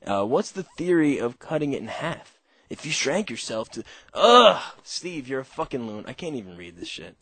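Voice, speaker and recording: A man's voice: medium pitch, big pitch swings, a little fast, no echo. A man hosting a call-in radio show, rambling through a casual monologue with heavy swearing and frequent laughter.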